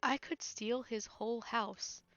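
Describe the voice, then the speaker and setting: A woman's voice: fairly high pitch, fairly even intonation, a little slow, fairly bright tone, dry recording, highs cut off, faint music behind. A woman casually commenting on a video game she plays, teasing and wry, laughing often. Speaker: game streamer. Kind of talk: casual let's-play commentary.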